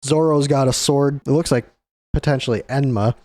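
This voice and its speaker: A man's voice: mid-range voice, moderate pace, warm tone, no echo. A young adult man hosting a casual comic chapter recap, talking loosely and chuckling often. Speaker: host.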